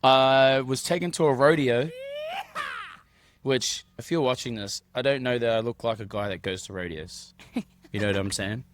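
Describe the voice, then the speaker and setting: A man co-hosting a casual podcast, his voice sitting at an ordinary middle pitch. He tells stories in a joking, self-deprecating way. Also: normal speed, noisy background. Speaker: podcast co-host. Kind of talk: casual chat.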